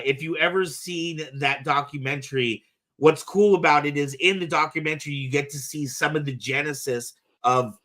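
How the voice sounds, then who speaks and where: A man's voice: on the high side, pushed and bright. A man hosting a podcast in casual chat, enthusiastic and a bit rambling when introducing a guest. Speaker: podcast host.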